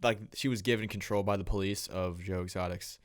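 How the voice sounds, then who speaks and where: A man's voice: sits low, fairly even intonation, brisk, no room sound, clean studio sound. A young man co-hosting a podcast, talking bluntly and offhandedly in casual chat. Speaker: podcast co-host.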